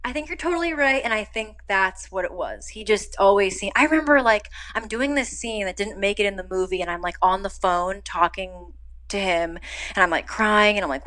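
A young adult woman, an actor being interviewed, telling stories in a lively, casual way and acting out quoted lines. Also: brisk. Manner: animated storytelling, acts out quotes with big pitch jumps. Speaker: actor guest.

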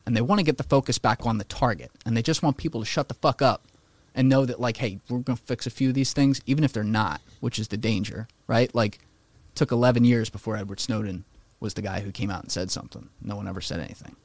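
An opinionated, animated man talks in an easygoing podcast conversation, swearing now and then. His middle-pitched voice moves quickly with hardly any pauses, captured dry and close with no room echo.

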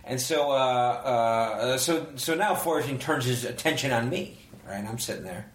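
A man's voice: mid-range voice, animated, unhurried, roomy sound. A man co-hosting a podcast, telling audition stories in casual comedic chat and acting out what others said. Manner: storytelling, acts out quoted voices. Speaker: podcast co-host.

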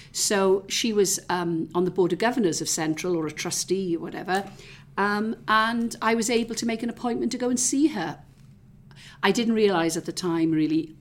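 A middle-aged woman from the South Wales valleys with a Welsh accent, talking in an interview and reminiscing in a chatty way with many fillers and restarts. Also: medium pitch. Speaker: interview guest. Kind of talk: reflective conversational interview.

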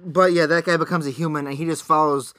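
A man's voice: a little high, steady tone, fast talker, a bit bright, no echo, clean studio sound. A man co-hosting a podcast, reviewing a movie in casual banter with a crude, sarcastic, blunt manner. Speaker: podcast co-host.

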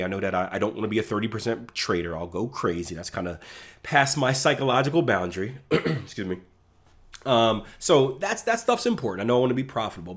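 A man who trades for a living, explaining backtesting in a casual, conversational teaching talk with frequent "right?" tags. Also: fairly low pitch. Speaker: trading educator.

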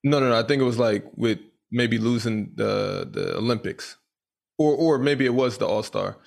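A man with a mid-pitched, gravelly voice co-hosts a podcast. He presses his point emphatically and swears during the casual debate. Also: normal speed. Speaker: podcast co-host.

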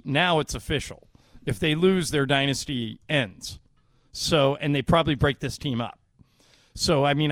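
A man's voice: fairly high pitch, a bit bright, no echo. Man arguing sports stats on radio. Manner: argumentative, builds points with statistics. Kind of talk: sports talk radio debate. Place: radio studio.

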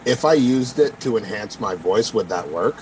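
A man's voice: on the low side, lively intonation, normal speed, a little hiss or hum, poor audio. A man playing a tabletop game, rambling with lots of fillers. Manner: rambling, full of "like" and "um". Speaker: player. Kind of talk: casual tabletop play.

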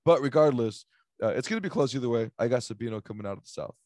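A man's voice: medium pitch, animated, fast talker, a little mellow, no room sound, clean studio sound. A man hosting a casual sports chat, joking and rambling with lots of fillers as he runs through picks. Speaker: sports podcast host.

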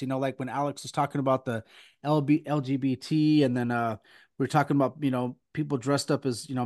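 A man's voice: mid-range voice, a little mellow. A man hosting a Christian podcast, talking earnestly and rambling with many fillers. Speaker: podcast host. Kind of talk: casual podcast chat and preaching.

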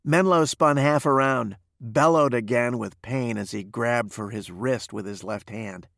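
A man reading a western novel aloud in a steady storytelling manner. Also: mid-range voice, unhurried, creaky, dry recording, studio quality. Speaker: narrator.

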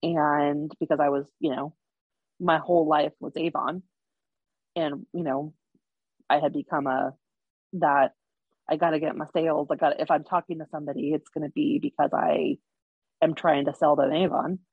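Husky-voiced woman telling a frank story. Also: low voice, fairly even intonation, normal speed, pauses often, no room sound, phone-quality sound. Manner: frank, rambling, full of fillers. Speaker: guest. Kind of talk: candid personal story.

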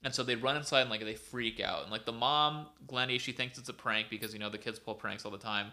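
Speaking fast, this man has a mid-range voice that sounds pushed and bright, with fairly even intonation. He's a podcast co-host casually recounting a story on a video call, wandering along and stuffing it with "like" and "um."

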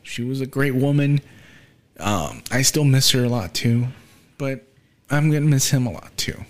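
A young man hosting a podcast, talking casually and quietly, with many fillers and pauses, subdued by grief. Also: medium pitch. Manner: soft, halting, with frequent fillers and trailing off. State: grieving, subdued. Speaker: podcast host. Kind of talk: casual solo podcast talk.

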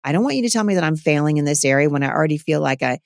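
A middle-aged woman talking warmly and earnestly in a casual advice chat to mothers, full of asides and fillers. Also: deep voice, expressive, rapid-fire, creaky, no echo, studio quality. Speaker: homeschooling mother and speaker answering a listener.

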